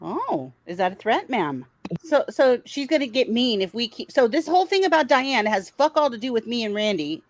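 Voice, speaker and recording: A woman's voice: fairly high pitch, very animated, normal speed, rough recording. A woman hosting a casual commentary show, talking in a blunt, sarcastic way and swearing freely. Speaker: commentary channel host.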